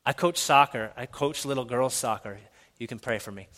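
A pastor preaching a sermon in a church, swinging from hushed, intimate lines to loud, excited shouting. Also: male voice, mid-range voice, normal speed, long reverb tail. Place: church sanctuary.

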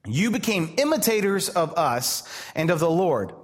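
Man, thirties, pastor, lively sermon, high voice, joking and self-deprecating. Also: normal speed. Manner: animated and self-deprecating, with humorous asides.

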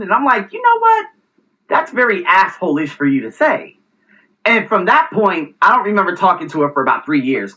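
Animated, bright-voiced male vlog host. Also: on the high side, poor audio. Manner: animated storytelling, exasperated. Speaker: show host. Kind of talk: casual vlog monologue.

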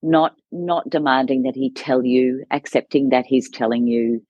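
A woman's voice: a bass voice, moderate pace, no echo, lo-fi sound. A woman co-hosting a casual chat, speaking thoughtfully and affirming her guest often. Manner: thoughtful, affirming, many soft backchannels. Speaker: podcast co-host in education.

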